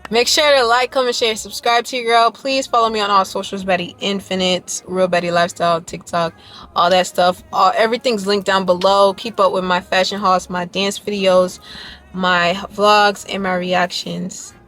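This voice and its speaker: A woman's voice: medium pitch, fairly even intonation, a little fast, fairly bright tone, faint music behind. Young female YouTuber and dancer, chatty and heartfelt, casual vlog delivery. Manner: emotional, earnest and talkative, rambling with fillers. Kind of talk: casual vlog chat to viewers.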